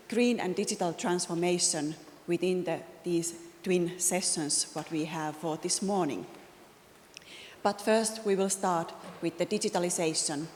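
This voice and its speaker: A woman hosts the opening of a conference session, speaking slowly and carefully as she looks for her words. Her voice sits fairly low. The long hall reverb carries a faint hiss of background noise. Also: darkish tone. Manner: slow, measured, searching for words. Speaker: conference host. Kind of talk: formal event announcement.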